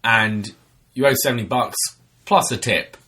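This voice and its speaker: A man, co-hosting a casual chat, telling a story and acting out the people in it. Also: unhurried. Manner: animated storyteller, acts out customers in high voices. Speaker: podcast co-host, bartender.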